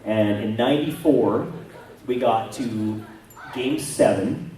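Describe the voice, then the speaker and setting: Slow and mellow at a medium pitch, a Canadian man who does voice acting talks casually on a convention panel. He rambles, pokes fun at himself, and drifts into asides, heard distantly in a reverberant hall.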